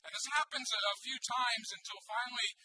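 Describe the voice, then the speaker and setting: A man's voice: very high voice, a little fast, sharp tone, slightly rough, no echo, poor audio. A man preaching a sermon in a conversational, storytelling way, often asking the listeners rhetorical questions. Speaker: pastor.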